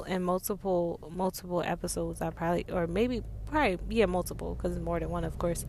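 A woman's voice: mid-range voice, fairly bright tone. Middle-aged woman doing a solo podcast, cussing a lot, blunt, repeats stuff for emphasis. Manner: blunt, heavy swearing, emphatic repetition. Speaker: podcast host. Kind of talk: casual solo podcast monologue.

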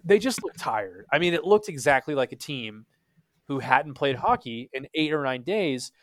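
A young man from Texas, hosting a casual hockey podcast, animated and swearing freely. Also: mid-range voice, normal speed, dry recording. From Texas, USA. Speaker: podcast host.

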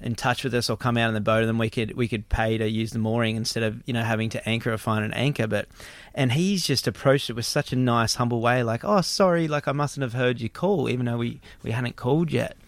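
A man's voice: medium pitch, steady tone, fast talker, hardly any pauses, no echo. A young man hosting a podcast, telling a travel story in a rambling way and often repeating words. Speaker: podcast host. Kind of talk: casual storytelling chat.

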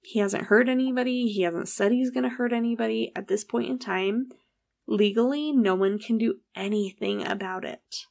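This woman's voice is a little high and creaky, and she keeps a moderate pace. She tells a true story in a relaxed, animated way, voicing the other people's lines herself and cursing casually throughout.

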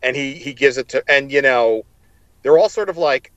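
A man's voice: mid-range voice, lively intonation, normal speed, a bit bright, dry recording, highs cut off. A man co-hosting a casual chat, animatedly retelling scenes and acting out the quoted lines. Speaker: podcast co-host.

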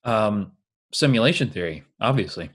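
A man's voice: fairly low pitch, expressive, moderate pace, husky. A man co-hosting a podcast, casually chatting with a playful, teasing manner and frequent laughter. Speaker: podcast co-host. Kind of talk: casual chat.

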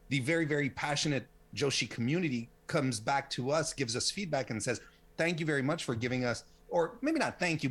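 A late-40s man who runs a women's wrestling site speaks as an interview guest in a medium-pitched, fairly bright voice. He answers casually but rambles, restarting frequently and filling gaps with fillers.

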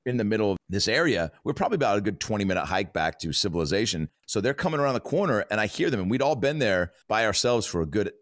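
A man with a very low, deep voice telling loose, rambling stories with a comedian's timing. He swears freely and sounds laid-back. The sound is dry and close. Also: expressive, fast talker, few pauses, a bit bright, no echo. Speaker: comedian guest. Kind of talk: casual storytelling.

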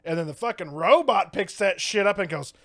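A man's voice: high-pitched, animated, fairly quick, gravelly, a bit bright, no room sound, studio quality. A man co-hosting a podcast, recapping a movie in casual chat, crude and joking, acting out scenes with sound effects. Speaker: podcast co-host.

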